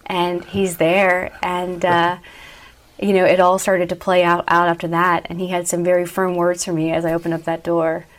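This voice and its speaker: A young woman sharing an earnest personal faith story as an interview guest, often laughing softly. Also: on the low side, monotone, moderate pace.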